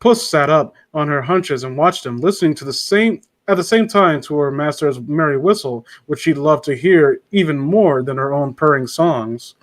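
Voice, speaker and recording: A man's voice: fairly high pitch, lively intonation, moderate pace, few pauses. A man casually reading a classic story aloud, often stumbling and correcting himself.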